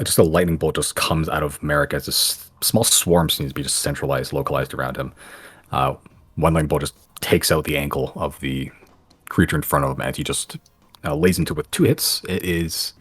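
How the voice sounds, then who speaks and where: A man's voice: extremely low pitch, lively intonation, moderate pace, gravelly, fairly bright tone, husky, no echo. A man narrating a tabletop game as game master, loosely describing the action with lots of fillers.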